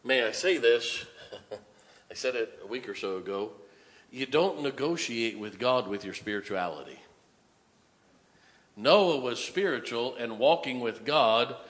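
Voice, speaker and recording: A man preaching a sermon in a church sanctuary, his mid-pitched voice ringing with a long reverb that trails off in the hall. He reads scripture in a stately cadence, then breaks into emphatic explanation aimed at the congregation. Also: expressive, measured pace, pauses often, fairly bright tone. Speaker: pastor.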